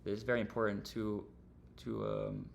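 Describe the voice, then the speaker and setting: A young man with a gravelly, fry-heavy voice talks through a trading lesson on his stream. He is casual and rambling, full of slang and fillers. A faint hiss of noise sits under the recording. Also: on the low side, big pitch swings, normal speed.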